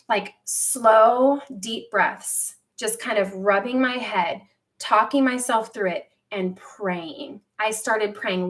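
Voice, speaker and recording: A woman in her thirties hosting a casual livestream from home, telling a personal story candidly, with lively quoted asides. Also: mid-range voice, slow pace. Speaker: livestream host.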